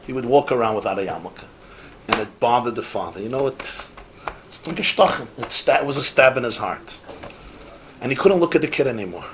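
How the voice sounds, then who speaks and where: A man's voice: mid-range voice, expressive, brisk, a bit bright, slight background noise. A rabbi giving a Torah class, emphatic and repeating his key phrases, with Yiddish and Hebrew words mixed in.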